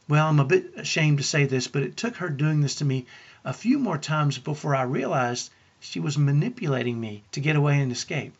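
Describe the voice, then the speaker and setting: A man's voice: on the high side, animated, fairly quick, gravelly, breathy edge, highs cut off. A man who works as a parenting coach, telling family stories to parents in an earnest way and asking the listener rhetorical questions. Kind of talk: storytelling talk to parents.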